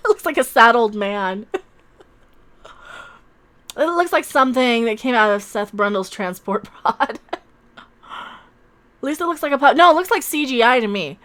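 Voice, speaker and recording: A woman with a slightly high voice hosts a casual livestream. She talks in a sarcastic, mocking way and laughs often. She jumps between loud outbursts and low mutters. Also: lively intonation, unhurried, pauses often. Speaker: YouTube channel host.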